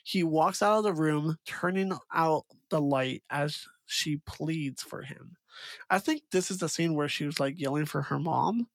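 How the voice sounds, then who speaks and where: Man, podcast host, slightly high voice, dry close sound, relaxed, hesitant. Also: measured pace, vocal fry, no room sound. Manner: relaxed, hesitant, many fillers. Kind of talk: casual podcast chat and plot recap.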